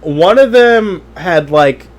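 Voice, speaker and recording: A man's voice: sits high, lively intonation, takes it slowly, very noisy. A man co-hosting a comedy podcast, rambling and giggling in casual chat. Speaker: podcast co-host.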